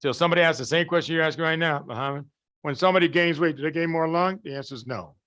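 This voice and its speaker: A man with a slightly high voice gives a live class lecture. He talks in a folksy, colloquial way, keeps throwing rhetorical questions at the students and checks again and again that everyone follows. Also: very fast, fairly bright tone. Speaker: medical lecturer.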